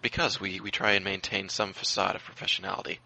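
A man's voice: low-pitched, steady tone, quick pace, vocal fry, sharp tone, dry recording, rough recording. A man co-hosting a podcast in casual banter, incredulous and questioning. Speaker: podcast co-host.

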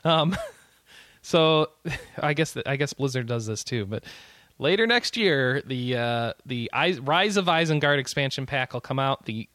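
A man's voice: mid-range voice, animated, a little slow, fairly bright tone, dry recording. Chatty man giving game news. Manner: chatty, laughs often, trails off with fillers. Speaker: podcast co-host. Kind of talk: casual chat presenting game news.

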